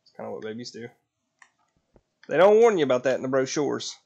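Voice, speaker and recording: In this casual gaming stream, a man with a mid-range, slightly mellow voice and some vocal fry chats to his baby son between tasks. He talks a little fast, his pitch swinging widely, while he complains, curses and gets sarcastic.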